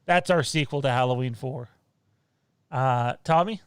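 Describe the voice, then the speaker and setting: Rambling laughing man, smooth dry voice. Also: medium pitch, a little slow, no echo. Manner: rambling, laughs often, restarts lines. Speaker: podcast host. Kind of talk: casual live-stream chat.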